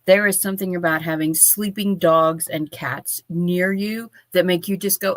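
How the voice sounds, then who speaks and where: A woman's voice: lowish voice, steady tone, moderate pace, no echo. A woman hosting a writing livestream from her home office, chatting casually and sleepily, yawning between remarks. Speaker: livestream host.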